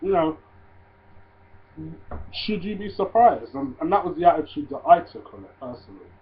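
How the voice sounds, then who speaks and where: A man with a somewhat high voice runs through a wrestling show review in a loose, profane chat. He drifts from mumbled asides into loud, incredulous rants. The sound is thin and phone-like. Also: expressive, moderate pace. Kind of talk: casual solo review vlog. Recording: tinny phone-like audio.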